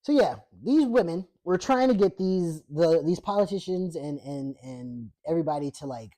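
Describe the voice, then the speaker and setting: A woman's voice: on the low side, animated, moderate pace, mellow. A woman host reading a book chapter aloud, breaking off for irreverent, profane asides.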